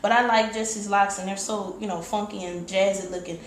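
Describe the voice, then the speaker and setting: A woman hairstylist hosts a relaxed tutorial, chatting as she explains each step. Her voice sits mid-pitch. The salon adds a roomy echo. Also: a little fast. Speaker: hairstylist, host. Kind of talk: casual hair tutorial. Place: hair salon indoors.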